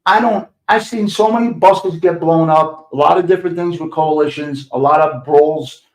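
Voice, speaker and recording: A podcast host from New York City, an older man with a New York accent, gives a profane storytelling monologue of street tales, blunt and sarcastic throughout. He speaks at a moderate pace in a fairly high pitch, and the recording carries an echoey room sound.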